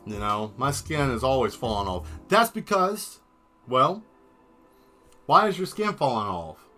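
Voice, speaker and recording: A man's voice: medium pitch, sing-song, a little slow, bright, forceful tone, faint music behind. A man hosting a casual livestream while he draws, joking and rambling straight to his viewers. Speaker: livestream host painting and answering chat.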